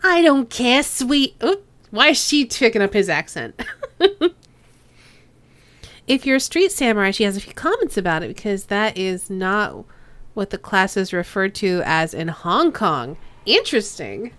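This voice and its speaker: A woman streamer narrating a role-playing game with lively, joking asides. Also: medium pitch, measured pace, pauses often.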